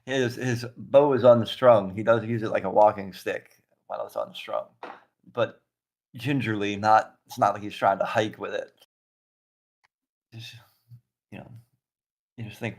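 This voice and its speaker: A man chatting as a player in a tabletop game, describing his character's actions with animated storytelling and laughing often. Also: lowish voice, measured pace, long pauses. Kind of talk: casual tabletop game chat.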